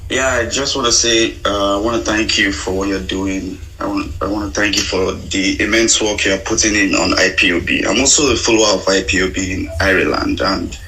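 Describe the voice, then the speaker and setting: Low-voiced Nigerian man calling in. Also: fairly even intonation, a little fast, few pauses, bright, forceful tone, rough recording. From Delta State, Nigeria. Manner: polite, slightly hesitant. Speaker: caller. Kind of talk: phone call-in.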